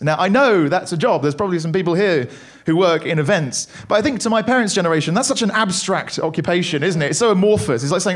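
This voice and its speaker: Young male stand-up, high voice, dry self-mocking delivery into a handheld mic. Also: expressive. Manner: wry, self-deprecating, quick asides. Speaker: stand-up comedian. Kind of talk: stand-up comedy set. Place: comedy club stage with audience laughter.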